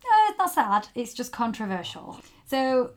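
A woman's voice: fairly high pitch, sing-song, normal speed, a little mellow. Chatty woman podcaster. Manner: chatty, giggly, tells the story with asides. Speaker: podcast co-host. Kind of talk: casual podcast chat.

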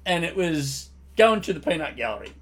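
A man's voice: a little high, very animated, brisk, fairly bright tone, slightly rough. An older man telling army stories in casual podcast chat, swearing freely and laughing through his punchlines.

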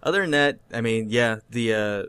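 A man's voice: medium pitch, moderate pace, fairly bright tone, clear, resonant tone, no echo. A man in a casual movie review chat, laid-back and offhand as he gives his rating. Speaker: podcast co-host.

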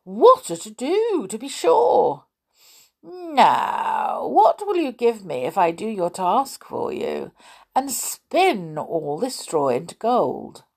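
A woman's voice: medium pitch, huge pitch swings, takes it slowly, vocal fry, heavily acted. A woman voicing a funny little male creature with a tail, clucking and busy in a storybook reading. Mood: fussy.

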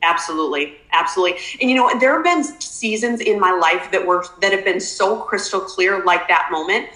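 A woman guest telling a personal story in an animated, emotional way, with lots of fillers. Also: medium pitch, normal speed. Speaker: podcast guest. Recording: roomy echo.

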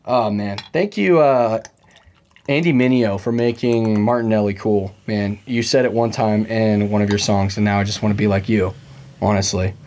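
A man's voice: lowish voice, steady tone, normal speed, a little mellow, a little hiss or hum. A young man hosting a casual podcast chat, joking and rambling with plenty of fillers. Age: young adult. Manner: chatty, joking, full of fillers. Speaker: podcast host.

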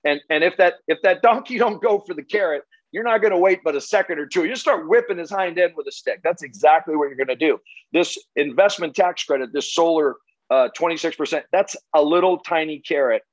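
Guy with a higher voice giving a blunt profane sales pep talk, dry dull audio. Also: fairly quick, no echo. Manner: blunt, punchy, profane, rhetorical questions. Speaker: solar sales trainer.

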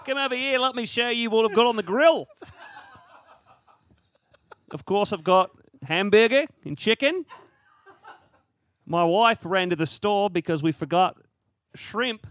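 A man putting on a loud, high-pitched, stereotypical Australian accent as a man grilling. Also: expressive, measured pace, pauses often, no echo. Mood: boisterous. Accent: put-on Australian.

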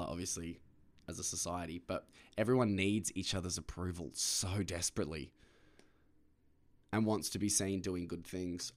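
A young Australian man hosting a casual podcast from his car, ranting and swearing freely, and putting on other people's voices. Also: lowish voice. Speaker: podcast host. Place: parked car.

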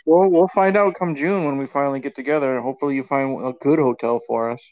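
A man's voice: mid-range voice, quick pace, darkish tone, no room sound, highs cut off. Laid-back man co-host, dry close mic. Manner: laid-back, short reactions and sighs. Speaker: podcast co-host. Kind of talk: casual chat.

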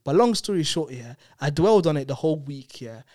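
In a clean, studio-quality recording with no room sound, a young male guest tells a personal story in casual chat, animated and fairly quick. His voice is a little high, and he keeps tossing in tag questions such as "innit" and "you know what I'm saying."

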